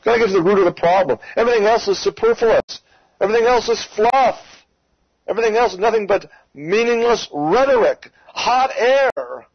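A man's voice: high-pitched, slightly rough, dry recording, dull audio. A man hosting a talk radio show, delivering an emphatic, ranting opinion monologue and repeatedly calling his listeners folks.

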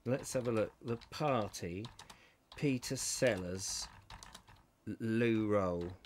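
A man's voice: on the low side, slow, a little hiss or hum. A man hosting a live comedy chat show, rambling through viewer comments and often laughing at himself. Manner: chatty and self-mocking, often laughs and trails off with fillers.

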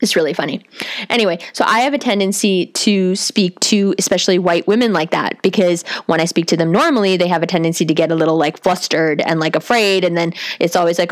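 A young woman with a deep, bassy voice telling a comic personal story, profane and animated. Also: fast talker. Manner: profane, animated, self-mocking.

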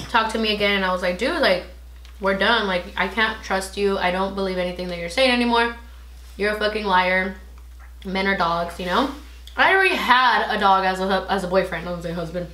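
Telling a personal story in casual chat, a young woman vlogger gets animated and swears freely while acting out what people said. Her voice sits at medium pitch in an echoey room with a little hiss or hum.

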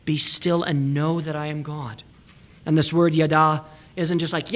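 A man pastor delivers a sermon in a church. His voice sits a little high for a man. He preaches emphatically, repeating phrases and sinking to near-whispers for weight. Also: little pitch movement, unhurried, a bit bright. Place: church sanctuary.

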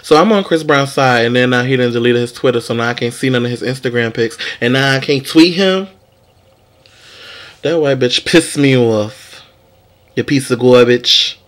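A man's voice: mid-range voice, moderate pace. Sassy young man dishing celebrity gossip. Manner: sassy, profane, animated commentary. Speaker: vlog host. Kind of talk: casual celebrity gossip vlog.

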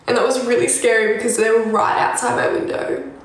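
A woman's voice: a little high, steady tone, a little fast. A frightened young woman streaming live from her home at night, talking in a breathless, jittery way that drops to whispers, swearing often, close to tears. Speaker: livestreamer. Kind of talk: casual livestream chat. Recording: echoey room with noticeable background noise.

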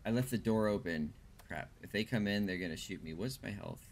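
A man's voice: fairly low pitch, fairly quick, a little hiss or hum. A man casually commenting while he plays a video game and chats with viewers, thinking aloud as he goes. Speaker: streamer.

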